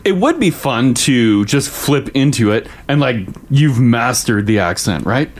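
A man co-hosting a radio show, joking and playful in a quick back-and-forth chat. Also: mid-range voice, big pitch swings, slight background noise.

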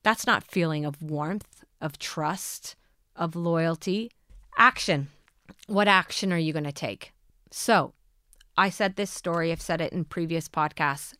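A woman's voice: low voice, a little slow, bright, forceful tone, no room sound, studio quality. A woman hosting a podcast, giving earnest coaching on manifesting love and asking listeners many questions. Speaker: podcast host.

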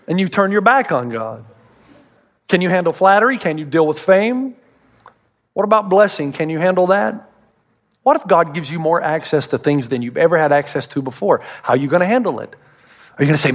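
A man's voice: a little high, animated, a little fast, big-room sound. A middle-aged man preaching a sermon as pastor, telling humorous stories and acting out the voices he quotes. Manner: humorous storyteller who acts out quoted voices.

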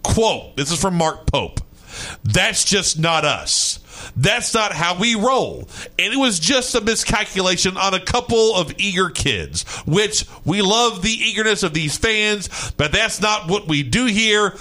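A young man from Kentucky co-hosting a sports talk radio show, ranting and excitable, quick to shout. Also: sits high.

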